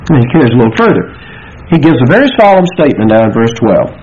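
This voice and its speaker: A man's voice: mid-range voice, big pitch swings, quick pace, a little mellow. A man preaching an expository sermon, emphatic, working through scripture verse by verse. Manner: emphatic, quotes scripture with rising intensity. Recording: muffled lo-fi sermon recording.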